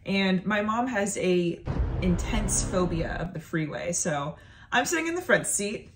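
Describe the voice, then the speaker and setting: A woman's voice: fairly low pitch, a little slow, music in the background. A young woman in her twenties, a stand-up comedian from North Carolina, telling a funny story in a casual vlog and acting out her family's voices. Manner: animated, acts out voices of family members.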